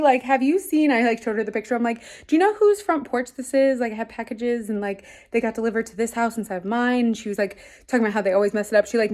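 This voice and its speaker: A woman's voice: a little high, a little mellow. A young woman in her twenties chatting casually to camera for her vlog, filling her talk with "like". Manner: chatty, says "like" constantly. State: out of breath. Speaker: vlogger.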